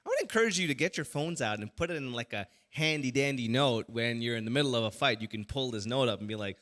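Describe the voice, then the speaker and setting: A man, a pastor, giving a casual teaching talk to a church audience, animated and full of fillers and restarts. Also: mid-range voice, fast, hardly any pauses.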